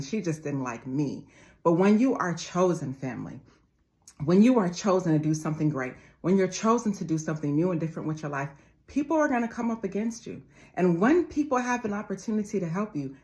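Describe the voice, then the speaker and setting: Low-voiced woman giving a motivational talk. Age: 40s. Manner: preachy, repeats phrases, calls listeners family. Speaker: motivational speaker.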